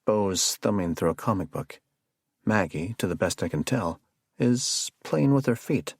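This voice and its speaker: A low-voiced man reads a first-person thriller with a gravelly, husky texture and a lively, rising-and-falling delivery. The recording is dry and close, without room sound. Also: measured pace, no room sound. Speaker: audiobook narrator.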